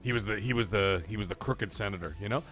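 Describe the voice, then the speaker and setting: A man's voice: lowish voice, fast talker, a bit bright, faint music behind. A man hosting a livestream in casual chat, swearing freely and laughing as he reads chat messages aloud. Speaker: livestream host.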